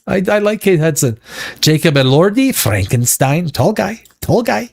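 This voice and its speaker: A man's voice: fairly high pitch, very animated, unhurried, creaky. A man hosting a casual pop-culture commentary show, rambling with stammered restarts and breaking into profane rants. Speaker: show host.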